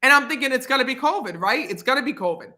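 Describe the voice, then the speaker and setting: A young man casually telling a story as a co-host, animated and acting out what people said. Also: extremely high pitch, fast talker. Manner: animated, acts out quotes. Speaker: co-host, partner.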